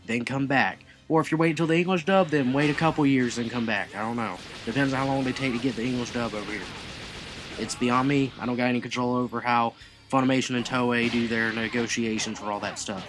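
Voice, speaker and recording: A man casually reviewing an anime episode, chatty and rambling, full of asides as he recaps. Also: medium pitch.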